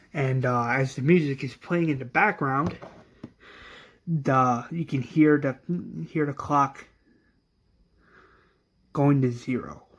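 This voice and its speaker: Slow, rambling male storyteller. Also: mid-range voice. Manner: rambling, many fillers and restarts. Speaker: fan series creator retelling an episode. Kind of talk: casual story retelling.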